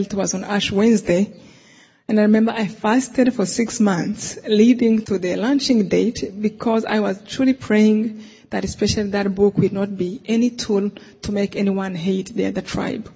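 A speaker telling a personal story in a talk, animated, acting out conversations, with non-native English phrasing. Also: medium pitch, normal speed, vocal fry, husky. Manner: animated, quotes conversations, laughs often. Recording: dull lo-fi sound with long hall reverb.

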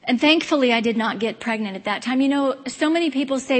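A woman's voice: high voice, a little fast, hardly any pauses. A woman in her fifties gives a candid, earnest personal testimony speech with wry asides. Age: 50s. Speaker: speaker giving a personal testimony. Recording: long hall reverb.

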